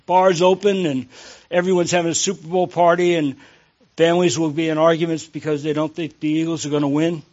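Pastor, male, high voice, loose and jokey, talks straight to the pews. Lo-fi recording. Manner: jokey, conversational, asks the congregation questions. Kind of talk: sermon.

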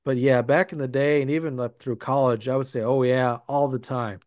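A man's voice: mid-range voice, steady tone, brisk, darkish tone, no room sound. A man from Minnesota with a mid-range voice talks casually on a podcast. He explains carefully, step by step. The sound is dry and close. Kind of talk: casual movie-discussion chat.

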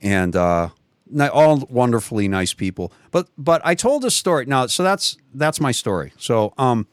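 A man's voice: mid-range voice, big pitch swings, normal speed, no echo, clean studio sound. A man telling a personal story in a casual conversation, rambling, often restarting his sentences and chuckling as he goes. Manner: rambling, many restarts and self-corrections. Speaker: guest.

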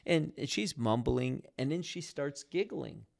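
A man's voice: medium pitch, measured pace, creaky. A man talking casually about prayer and faith, telling stories with many restarts. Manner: animated storyteller with frequent restarts.

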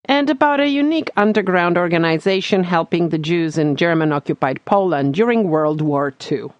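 Lady hosting a podcast, reads the intro, lowish voice, steady. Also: muffled recording. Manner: measured, read-aloud delivery. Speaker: podcast host. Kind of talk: scripted show introduction.

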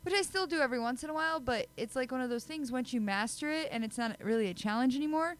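High voiced woman chatting on a podcast, giggly and self-mocking. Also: fast talker, poor audio. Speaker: podcast co-host. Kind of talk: casual chat.

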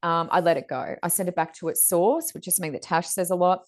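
Woman, chatty podcast co-host, slightly low voice, loose filler-heavy talk. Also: fast. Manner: chatty, frequent fillers and "you know". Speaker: podcast co-host, psychic reader. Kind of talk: casual spiritual wellness chat.

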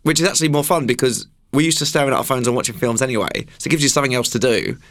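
Lively teasing comedian host. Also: male voice, mid-range voice. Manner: teasing, lively, quick to laugh and apologise. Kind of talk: casual chat.

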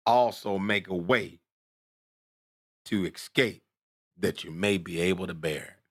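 A man preaching a sermon, drawing out scripture slowly and asking "hmm?" between points, climbing into fervent shouts. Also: lively intonation, no room sound, clean studio sound. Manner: call-and-response "hmm?", rising to fervent shouts; drawls scripture slowly, then climbs in pitch when worked up.

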